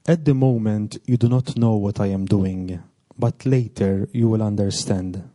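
Man reading Jesus, gentle teacher, low mellow voice, unhurried gospel reading. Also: dry recording. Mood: calm. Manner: plain, unhurried reading without a changed voice. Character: Jesus, calm male teacher speaking to disciples.

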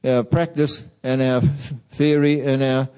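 A man giving a reflective talk to a church audience, speaking in a slow, measured way. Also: medium pitch, fairly even intonation, dark tone, clear, resonant tone, poor audio. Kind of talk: reflective talk, reading song lyrics aloud.

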